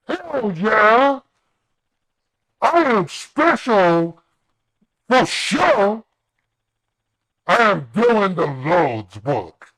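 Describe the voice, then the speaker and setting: A squeaky, gleeful cartoon goof. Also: male voice, vocal fry, pushed and bright, no echo, heavily acted. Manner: exclaiming, gleeful.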